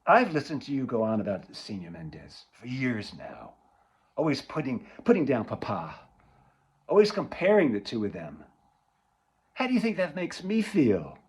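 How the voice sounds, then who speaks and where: A man's voice: mid-range voice, wildly swooping pitch, moderate pace, slightly rough, exaggerated voice, poor audio. A man reading aloud as a resentful grown daughter who speaks in a heated, accusing way. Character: bitter grown daughter, sharp-tongued and resentful.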